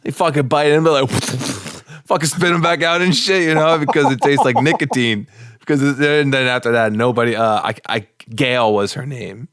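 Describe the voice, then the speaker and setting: A man co-hosting a casual podcast, telling an anecdote in a relaxed way with swearing and laughs. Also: mid-range voice, normal speed, no room sound, studio quality.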